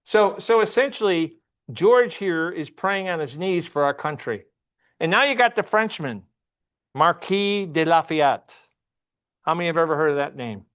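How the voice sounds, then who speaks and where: A man's voice: a little high, lively intonation, moderate pace, fairly bright tone, clean tone. A man teaching a church Sunday class, often asking the class questions and repeating himself.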